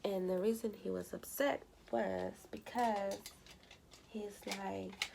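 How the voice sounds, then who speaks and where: A woman's voice: medium pitch, steady tone, takes it slowly, heavy background noise. A young woman vlogging from home, telling a story casually with lots of "like" and quoted dialogue. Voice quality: gravelly vocal fry. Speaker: beauty vlogger.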